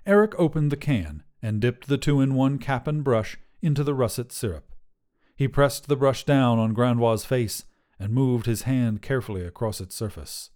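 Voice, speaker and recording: A man narrating a short fiction podcast in a measured, scripted way. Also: mid-range voice, dark tone.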